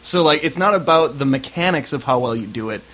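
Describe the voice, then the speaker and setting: A man co-hosting a podcast, explaining at length in a relaxed storytelling way. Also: fairly high pitch, brisk. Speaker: podcast co-host. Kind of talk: casual chat.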